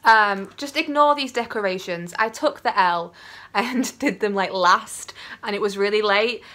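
A young woman chatting casually in a book vlog, gushing and excitable, with many fillers. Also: medium pitch, measured pace. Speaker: book vlogger.

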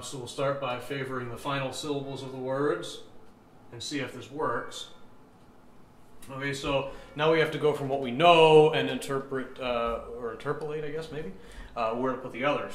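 A man's voice: medium pitch, slight background noise. Man, chant teacher, casual step-by-step explanation, counts beats aloud, roomy echo. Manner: thinks aloud, counts beats, frequent "right?" checks. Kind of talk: instructional explanation with sung examples. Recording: echoey room with faint ambience.

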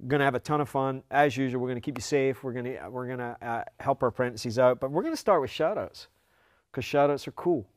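Fast-talking and mid-range in pitch, this man co-hosts a laid-back trade show chat recorded at studio quality without echo. He's jokey and upbeat, laughs a lot, and keeps the pace going.

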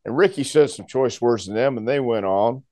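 A man, a former wrestler, telling a story in a casual chat, animated and laughing often as he acts out the voices. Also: medium pitch, normal speed, no echo.

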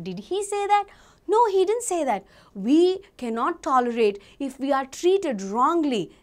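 High-voiced woman telling a Bible story. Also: moderate pace. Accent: Indian English. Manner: animated, asks children questions. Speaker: Sunday school teacher.

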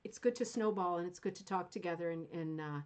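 A woman's voice: fairly low pitch, quick pace. A woman hosting a craft club show in a casual teaching chat, chatty and enthusiastic, rambling and often checking in with "right?".

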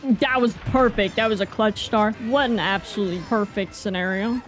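A woman giving casual live gameplay commentary, excitable and self-mocking, with slang and mild swearing. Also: medium pitch, moderate pace, soft background music. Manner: excitable, groans and cheers at every turn. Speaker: gaming video creator.

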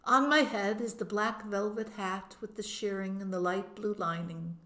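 A woman narrating a novel in first person as an audiobook, in a measured, expressive manner. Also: mid-range voice.

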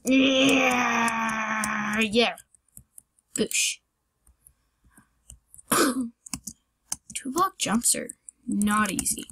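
A woman's voice: fairly high pitch, lively intonation, drawn-out words, long pauses, sharp tone, husky. A young woman hosting her own channel, giving rambling, self-deprecating casual commentary on a parkour game and yelping at her fails, with keyboard clicks behind her. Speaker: gaming channel host.

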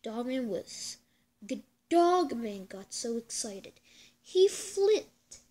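A woman's voice: fairly high pitch, very animated, extremely slow, warm tone. A woman reading a comic book aloud in a playful way, tossing in sound effects and sometimes stumbling over her words. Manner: playful, doing sound effects and funny voices.

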